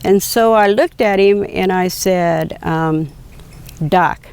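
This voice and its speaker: An older woman slowly recounting a personal story, quoting others with frequent hesitations and fillers. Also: medium pitch, a little mellow, clean tone. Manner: slow, reflective, quoting dialogue with hesitations. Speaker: patient telling her story.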